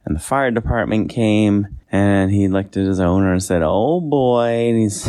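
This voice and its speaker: Brief: man, fairly low voice, gentle rambling bedtime storyteller. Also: clear, resonant tone. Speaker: father telling his son a story.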